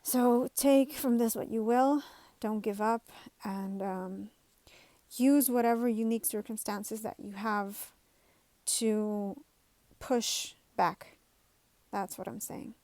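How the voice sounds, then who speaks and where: A woman's voice: a little high, fairly even intonation, takes it slowly, dark tone, dry recording. A woman talking casually to her viewers, rambling through a story with many fillers and restarts. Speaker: vlogger. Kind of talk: casual talk to camera.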